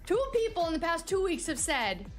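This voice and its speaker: Woman, canadian accent, high voice, bouncy pitch, chatty game streamer, faint music behind. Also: sing-song, fairly quick. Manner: chatty, thinks aloud to herself and chat. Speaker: live streamer. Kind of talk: casual game live stream.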